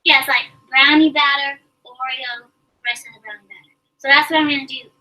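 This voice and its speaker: Brief: enthusiastic woman host, high bright voice, chatting while cooking, mic at a distance. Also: fairly even intonation, a little fast. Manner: chatty and enthusiastic, explains steps as she goes. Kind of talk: casual live stream chat while cooking.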